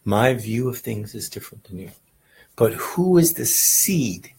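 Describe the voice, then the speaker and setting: A man's voice: medium pitch, very animated, measured pace, gravelly, darkish tone, breathy edge, rough recording. A man giving a casual, rambling meditation lesson, earnest and often checking in with "right?". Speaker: meditation teacher.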